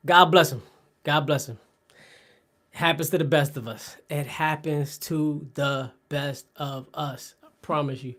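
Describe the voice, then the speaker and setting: A man riffs loosely with his audience on a live workout stream, telling jokes and tangents. He laughs a lot and drifts off mid-thought, talking at an easygoing, unscripted clip from an indoor home workout spot. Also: fairly high pitch. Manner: joking, rambling banter with chat; laughs often, trails off mid-sentence. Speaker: fitness livestream host. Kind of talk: casual live-stream chat during a workout.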